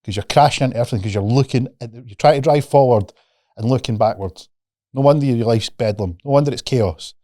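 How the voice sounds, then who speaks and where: A man's voice: mid-range voice, mellow, no echo, clean studio sound. A man, a podcast guest and mindset coach, talking casually and animatedly, swearing freely and acting out the voices of the people he quotes.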